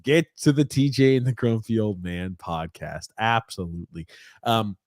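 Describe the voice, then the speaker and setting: Male sports podcast host, chatty and animated, dry close sound. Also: mid-range voice, normal speed, no room sound. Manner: energetic, chatty, swears casually. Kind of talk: casual podcast chat.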